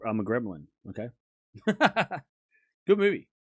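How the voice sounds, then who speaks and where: A man's voice: fairly low pitch, sing-song, measured pace, dry recording, highs cut off. A man with a sore throat chatting casually to his live-stream audience while waiting out a rain delay. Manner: chatty, talks to chat, laughs often. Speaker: tennis watchalong streamer.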